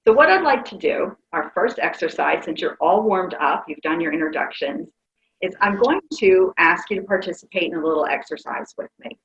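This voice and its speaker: A woman's voice: on the low side, animated, a little fast, reverberant, dull audio. A woman facilitating a webinar, guiding a group exercise in an upbeat, encouraging way and laughing often. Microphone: video call.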